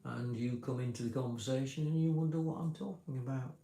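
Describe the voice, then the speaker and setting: A man's voice: medium pitch, brisk, gravelly, mellow, roomy sound, a little hiss or hum. A man vlogger talking casually to a livestream in a rambling, explanatory way, often restarting his sentences. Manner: rambling, self-correcting, explanatory.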